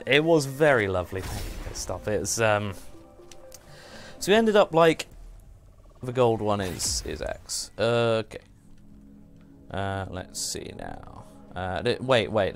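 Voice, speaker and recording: A man hosting a casual game livestream, chatting in a rambling way and often trailing off and restarting. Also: lowish voice. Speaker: livestream host. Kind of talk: casual gameplay chat.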